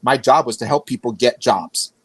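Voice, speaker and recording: A man's voice: mid-range voice, moderate pace, slightly rough, dry recording, rough recording. A man speaking as a guest in a casual conversation, his voice recorded close and dry with no room around it. He rambles through his stories and often stops to restart a sentence. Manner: rambling, self-correcting storyteller. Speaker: podcast guest.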